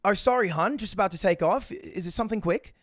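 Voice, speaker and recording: Guy doing a sweet aussie airport desk lady, apologetic, kinda quiet. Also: sits high, fast talker, no room sound, clean studio sound. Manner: sweet, apologetic, calls people hun. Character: chirpy female Australian airport desk clerk.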